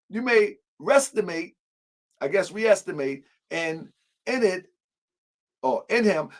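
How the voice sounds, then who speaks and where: A man's voice: very high-pitched, a bit bright. A man hosting an online show, reading aloud and reacting in casual slang with frequent laughter.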